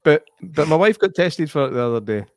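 A man's voice: a little high, lively intonation, a little fast, no echo, clean studio sound. A young Scottish man co-hosting a podcast, joking wryly in casual chat. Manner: wry, joking. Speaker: podcast co-host.

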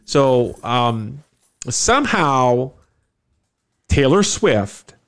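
A man's voice: medium pitch, extremely slow. A man co-hosting a podcast, chatting casually and teasing the host. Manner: teasing, lively, prods the host. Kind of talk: casual chat.

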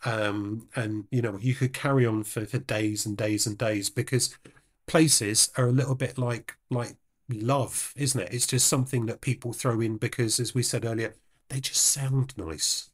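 A man's voice: medium pitch, steady tone, normal speed, husky. A man co-hosting a music podcast, talking in a rambling, hesitant way with many restarts. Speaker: podcast co-host. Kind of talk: casual podcast chat.

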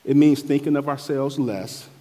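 A man's voice: normal speed, mellow. A man preaching a sermon as pastor, swelling and dropping his voice as he reads scripture and explains it. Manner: rises and falls in pitch and force, preaching cadence. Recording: long hall reverb.

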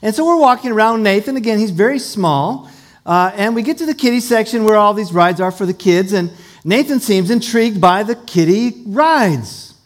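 High-voiced male pastor preaching. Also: lively intonation, normal speed. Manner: storytelling, leads call-and-response. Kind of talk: sermon.

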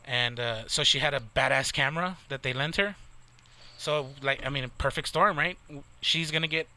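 A man's voice: mid-range voice, moderate pace, pushed and bright. Swearing Texan man telling a story. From Texas, near the Mexican border. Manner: profane, rambling, lots of "like" and "right?". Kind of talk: casual storytelling.

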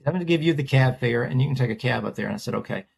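A man's voice: medium pitch, very fast, vocal fry. A man, a portrait artist, telling a story in an interview and acting out the voices of the people in it. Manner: animated storyteller, acts out quoted voices.

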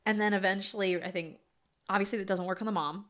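A woman co-hosting a casual movie podcast, animated and quick to laugh as she acts out scenes. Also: medium pitch. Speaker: podcast co-host.

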